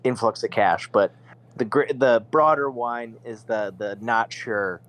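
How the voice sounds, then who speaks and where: A man co-hosting a podcast in casual chat, relaxed and swearing casually, laughing often. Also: medium pitch, unhurried. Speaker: podcast co-host.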